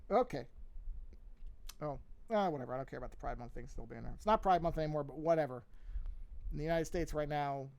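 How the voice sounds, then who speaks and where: A man's voice: on the high side, a little mellow. A man casually teaching cartoon drawing on a livestream, rambling and thinking aloud as he works at his desk mic. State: yawning, a bit sleepy. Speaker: art teacher streaming a drawing lesson.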